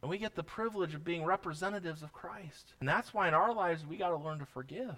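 A man's voice: on the high side, fast, sharp tone. A man preaching a sermon, quoting scripture and pressing his points with rising emphasis, with a folksy, self-deprecating aside. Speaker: pastor.

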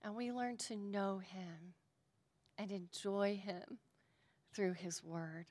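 A woman giving a sermon and a prayer, earnest and shifting between emphatic lines and hushed ones. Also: mid-range voice, fairly even intonation, slow pace, in a large hall. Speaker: speaker at a devotional.

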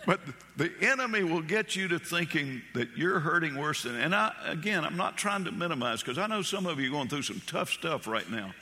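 A male pastor preaches with passion and leans on repetition to drive his points home. His voice is a touch high and strikingly bright. A long church reverb hangs behind him. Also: sing-song, moderate pace. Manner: impassioned preaching, repeats phrases, tells folksy stories. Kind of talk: sermon.

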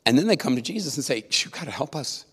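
A man's voice: medium pitch, big pitch swings, quick pace, a bit bright, slightly rough. A man preaching a sermon in a conversational, emphatic way, often checking in with his listeners. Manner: conversational, emphatic, with tag questions. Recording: long reverb of a large hall.

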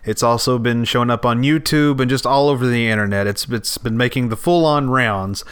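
A man's voice: mid-range voice, a little fast, clear, resonant tone. A man hosting a comedy podcast, introducing bits in a loose, joking way. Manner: ranting, over-the-top. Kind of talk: sketch comedy.

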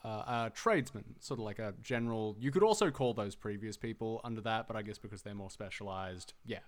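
A man's voice: fairly low pitch, fast. An Australian man co-hosting a podcast in casual chat, rambling with many fillers and the odd swear. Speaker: podcast co-host.

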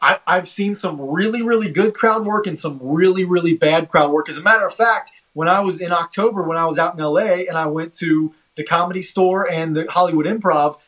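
A man co-hosting a casual podcast chat, talking haltingly with many fillers and restarts. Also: sits high, fairly bright tone, rough recording. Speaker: podcast co-host. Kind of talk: casual chat reviewing a comedy special.

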